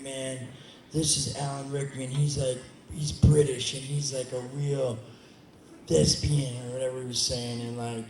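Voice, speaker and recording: A man's voice: medium pitch, a little mellow. A man answering audience questions at a convention panel, rambling, joking and swearing freely. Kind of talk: casual audience Q&A. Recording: echoey hall with background noise.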